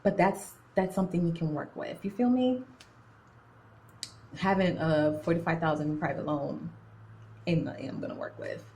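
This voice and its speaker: A young woman in nursing school telling a story in a casual, animated, slangy way, drifting in and out of an accent. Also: low-pitched, normal speed, long pauses, a little hiss or hum, rough recording. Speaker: nursing student. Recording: phone-recorded video.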